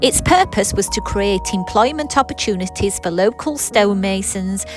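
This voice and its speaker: A woman's voice: medium pitch, lively intonation, moderate pace. A woman narrating a travel vlog in a chatty way, with frequent ums and apologies. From not Scottish. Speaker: travel vlogger. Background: background music.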